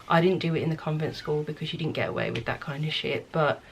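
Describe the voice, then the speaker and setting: A deep-voiced, fast-talking young woman from England, with a Birmingham accent, opens up to the camera about herself in a casual vlog shot at home. Her tone is chatty, candid and self-deprecating. A little hiss or hum comes through the camera mic.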